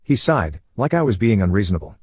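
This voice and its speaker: A man narrating a first-person story in an even, steady voice over gameplay. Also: lowish voice, quick pace, husky, dry recording.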